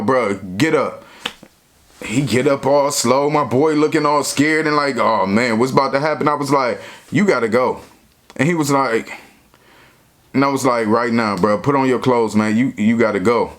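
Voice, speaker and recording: A man's voice: fairly high pitch, fairly bright tone. A man telling a personal story in a casual, rambling way, full of slang and constant "you know" fillers.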